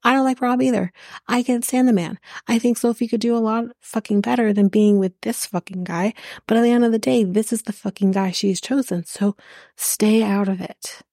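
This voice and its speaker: A woman's voice: fairly high pitch, steady tone, moderate pace, mellow, no room sound, studio quality. A woman hosting a podcast, recapping a reality show in a casual, sarcastic, blunt way with plenty of swearing. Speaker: podcast host.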